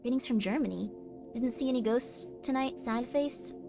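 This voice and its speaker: A woman with a fairly high voice chats casually on a livestream, wandering from thought to thought in a playful, self-deprecating way. Music plays clearly underneath her voice. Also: normal speed. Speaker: streamer. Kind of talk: casual livestream chat, reading chat messages. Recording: stream mix with music playing under the voice. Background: background music.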